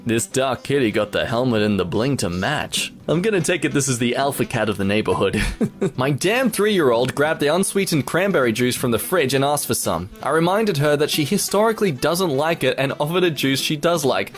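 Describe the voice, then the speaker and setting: Casting: young male reaction host, fairly high, very animated pitch, chatty and giggly. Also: a little fast, faint music behind. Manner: chatty, laughs often between remarks. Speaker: host reacting to online posts. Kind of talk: casual reaction commentary.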